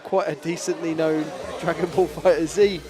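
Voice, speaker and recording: A man's voice: on the high side, fairly even intonation, normal speed, a crowd in the background. A man casually commentating a fighting game tournament, chatty and playful, often laughing.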